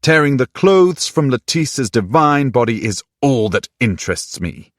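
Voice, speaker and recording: A man's voice: lowish voice, lively intonation, takes it slowly, creaky, a little mellow, slightly rough, no echo, studio quality, heavily acted. A man voicing a formal, earnest sixteenth-century knight. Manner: formal, old-fashioned, earnest. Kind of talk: audiobook character voice.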